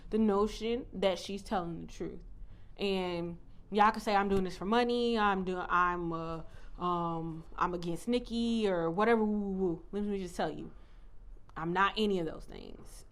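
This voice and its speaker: A woman with a medium-pitched, slightly bright voice chats casually as a tarot reader in a vlog. She's blunt and defiant, swearing freely, and the audio comes from a phone mic.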